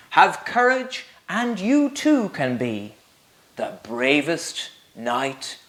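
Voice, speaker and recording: Male schoolteacher, storytime voice, unhurried and lively. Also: a little high. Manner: animated, sing-song, asks children questions. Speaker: primary school teacher. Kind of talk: storybook read-aloud for young children.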